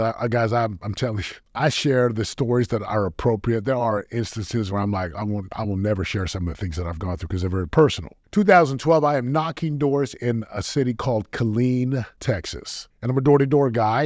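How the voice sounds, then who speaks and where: A man in his thirties hosting a motivational podcast, telling personal stories with animated energy and acting out the dialogue. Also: mid-range voice, no echo, studio quality. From United States. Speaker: podcast host. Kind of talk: motivational storytelling monologue.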